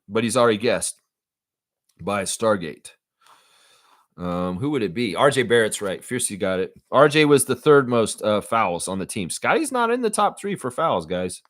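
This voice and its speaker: A man hosts a live-streamed fan trivia session in a loose, chatty way. He talks straight to the viewers as y'all and keeps the flow going with frequent fillers and restarts. His pitch sits in the middle range for a man. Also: a bit bright, dry recording, studio quality. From Canada. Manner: chatty, addresses chat as y'all, many fillers. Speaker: host of a live fan show.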